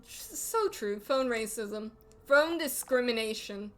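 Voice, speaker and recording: A woman's voice: fairly high pitch, expressive, slow. A woman streamer giving casual, joking commentary while playing a game, crude and often cutting herself off. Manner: joking, crude, self-interrupting.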